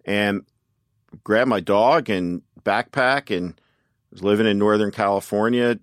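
A man's voice: on the low side, a little slow, no room sound, clean studio sound. A man, a political campaign strategist, telling anecdotes in an interview, often quoting others and saying "you know.". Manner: anecdotal, quotes people at length, frequent "you know". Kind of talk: interview storytelling.

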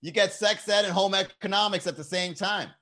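A man's voice: sits high, a little fast, bright, forceful tone. A young man chatting casually on a live stream, telling loose, profane stories and laughing often.

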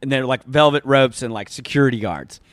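A man in his thirties telling a long story on a casual podcast, full of fillers, acting out quoted lines in a louder voice. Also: medium pitch, a little fast, dry recording. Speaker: podcast guest.

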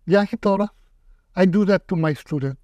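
Older male aikido teacher, animated anecdotes, dull dry recording. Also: high voice, normal speed, no echo. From Hawaii. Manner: animated, acts out quotes in raised voice. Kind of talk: casual storytelling interview.

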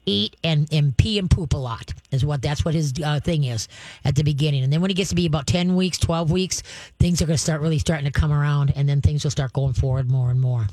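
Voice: medium pitch, fairly quick, darkish tone, no room sound. Rambling, playful dog trainer, dry sound. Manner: rambling, many restarts, playful dog talk. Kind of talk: advice chat with a caller.

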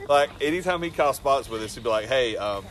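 A man hosting a casual talk around a campfire, telling animated stories, swearing freely and laughing as he goes. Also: mid-range voice, fast, crowd noise. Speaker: podcast host and wrestler. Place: outdoors around a fire.

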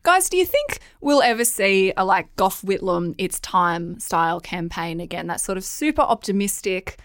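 Smooth-voiced woman, dry sound. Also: mid-range voice, lively intonation, normal speed, no echo. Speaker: podcast panelist. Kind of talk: casual political chat.

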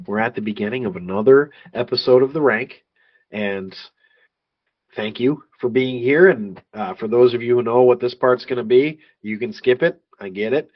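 Brief: thirties male podcast host, easygoing and rambling, slightly dull audio. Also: mid-range voice. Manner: rambling, laughs often, restarts a lot. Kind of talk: casual podcast chat.

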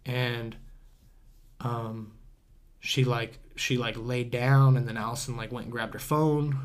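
A young man talks in a mid-pitched, everyday voice as a guest on a casual podcast. He rambles and circles back, drops "dude" and "bro" into most sentences, and swears without thinking about it. The feel is relaxed and conversational, like a story told to a friend. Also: slow pace.

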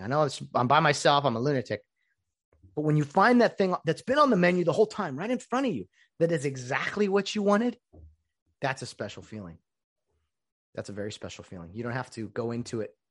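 A man's voice: mid-range voice, fast. Rambling man hosting a solo show. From United States. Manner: rambling, animated, acts out quoted dialogue. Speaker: podcast host. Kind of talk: casual solo monologue.

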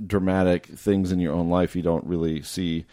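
A man's voice: low voice, little pitch movement, normal speed, mellow, dry recording, studio quality. A middle-aged man hosting a casual film discussion, thoughtful and full of small restarts.

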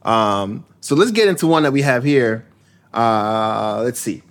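A male podcast host talks in a loose, joking way, full of fillers and quick laughs. His pitch swings widely as he riffs. It sounds like relaxed conversational banter. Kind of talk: casual chat.

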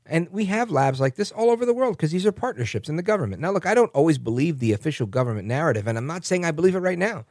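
Male podcast host, political commentary, lively swooping pitch, sarcastic, dry close sound. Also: no room sound. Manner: animated and sarcastic, with mocking asides.

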